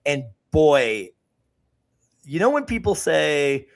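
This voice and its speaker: Gravelly-voiced joking man. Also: on the high side, very animated. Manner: jokey, quick to laugh, repeats himself. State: sick with a cough. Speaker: podcast co-host. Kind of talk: casual chat.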